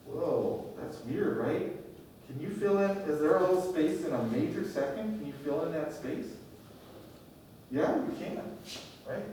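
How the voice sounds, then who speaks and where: A man's voice: a little high, expressive, unhurried, mellow. Man teaching a class in an echoey room. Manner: questioning, checks in with students often. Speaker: music theory teacher. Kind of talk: classroom lecture. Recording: echoey classroom from far off, faint noise.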